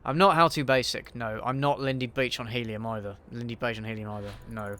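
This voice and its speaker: Man, casual gaming stream q&a, offhand, swears, mutters to himself, mid-pitched, faint background hum. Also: fairly even intonation, a little fast, pushed and bright. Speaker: YouTube host. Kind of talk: casual livestream Q&A while gaming.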